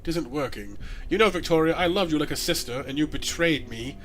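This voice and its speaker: A man's voice: on the high side, brisk, fairly bright tone, pitched below the performer's own voice, lightly acted. A man voicing a resolute young noblewoman who leads her people, speaking earnestly and firmly. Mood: stern resolve. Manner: earnest, firm and commanding.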